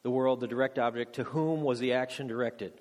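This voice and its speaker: A man's voice: medium pitch, steady tone, a little fast. A man, a married father, preaching a teaching sermon to a congregation, quizzing them with questions and joking about himself. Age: adult. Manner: joking, self-deprecating, quizzes the audience. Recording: long echo of a large hall.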